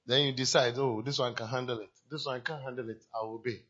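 A man's voice: medium pitch, steady tone, fast, fairly bright tone, dull audio. A man preaching a sermon as a pastor, speaking emphatically and repeating his exhortations to the congregation.

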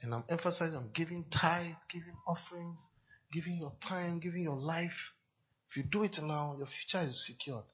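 A man's voice: on the high side, moderate pace, fairly bright tone, slightly rough, highs cut off. A man preaching a sermon as a pastor, speaking emphatically and repeating his exhortations to the congregation.

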